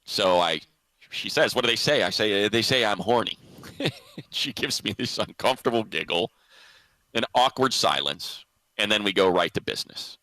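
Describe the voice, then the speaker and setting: A man's voice: fairly low pitch, animated, normal speed, bright, forceful tone, no echo, poor audio. A man hosting a sports radio show, telling a story in casual chat and laughing often. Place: radio studio.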